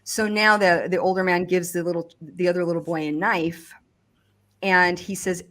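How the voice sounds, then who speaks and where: Halting woman with a lowish voice. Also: fairly even intonation, a bit bright. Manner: halting, many restarts and fillers. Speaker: survivor giving testimony. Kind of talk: personal testimony in conversation.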